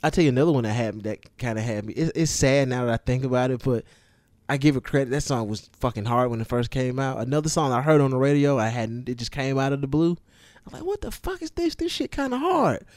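A man in casual, profane conversation about hip-hop songs, animated and given to building up his points. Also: mid-range voice, fast talker, no room sound, studio quality. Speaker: podcast co-host.

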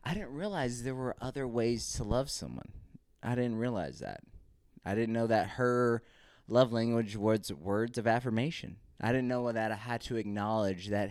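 A man's voice: medium pitch, normal speed, a little mellow, dry recording. A man hosting his own podcast, telling a candid, rambling story about home life in a casual monologue. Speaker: podcast host. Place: Texas, recorded live.

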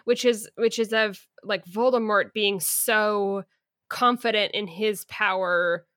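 Slow, opinionated woman co-host. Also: mid-range voice, steady tone, a bit bright, no room sound, clean studio sound. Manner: deliberate, opinionated, halting. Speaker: podcast co-host. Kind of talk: casual book discussion.

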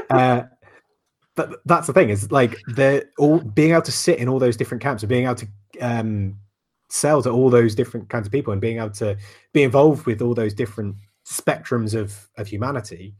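A man's voice: medium pitch, normal speed, darkish tone, breathy edge. A man hosting a casual podcast chat, rambling and swearing freely. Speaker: podcast host.

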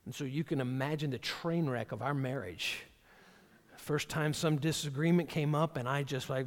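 A man's voice: on the high side, expressive, moderate pace, fairly bright tone. A man preaching a sermon as a pastor in a church, talking conversationally and often repeating words as he starts a phrase. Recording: long reverb of a large hall.

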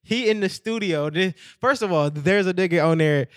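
A man's voice: high-pitched, normal speed, no room sound, studio quality. A man in casual podcast chat, telling a story with lots of acted-out quotes and laughter. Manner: animated storytelling, acts out quotes, laughs often.

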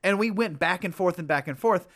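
A man's voice: sits high, brisk, a bit bright. A man co-hosting a podcast, chatting casually, agreeing and laughing often. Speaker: podcast co-host. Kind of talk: casual chat.

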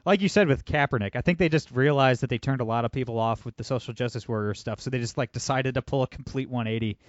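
A man's voice: medium pitch, fast, dry recording, dull audio. A man hosting a podcast, talking loosely with many fillers and restarts. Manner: loose, rambling, full of fillers. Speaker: podcast host. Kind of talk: casual podcast chat and ad read.

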